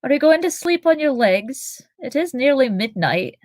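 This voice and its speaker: A drowsy, whiny young hobbit lad, put on by a woman reading aloud, pitched well above her usual voice. He drags his words out through yawns. Close, dry sound. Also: expressive, moderate pace, a little mellow, no room sound. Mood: sleepy. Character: sleepy young male hobbit, complaining.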